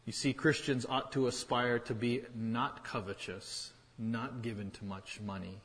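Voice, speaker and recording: A man's voice: mid-range voice, steady tone, a little slow, a bit bright, in a large hall, low-quality recording. A man preaching a sermon as pastor, in a conversational way with wry asides and pointed repetition.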